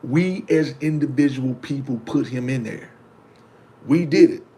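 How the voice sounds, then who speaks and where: A man's voice: medium pitch, unhurried, mellow, slight background noise. A man giving a casual, emphatic monologue to his viewers, preaching and repeating his points, speaking in loose slang and answering commenters. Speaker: vlogger.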